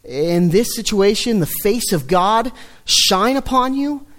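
High-voiced male preacher, earnest sermon. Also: lively intonation, takes it slowly. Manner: earnest, dips low and soft when quoting the psalm.

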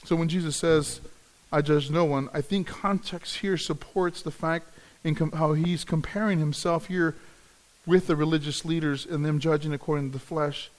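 A man's voice: fairly high pitch, steady tone, moderate pace. A man preaching a sermon, earnest, often repeating words as he restarts a phrase. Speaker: pastor.

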